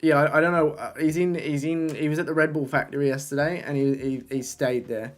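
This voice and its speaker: A young man chatting casually on a live stream, talking to his chat, excitable and swearing often, into a desk microphone. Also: a little high, brisk. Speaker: livestreamer.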